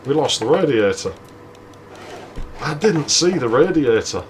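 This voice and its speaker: A man's voice: mid-range voice, very animated, a little slow, a little hiss or hum. A man, a let's play host telling a long, profane story while he plays. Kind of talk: casual storytelling during gameplay.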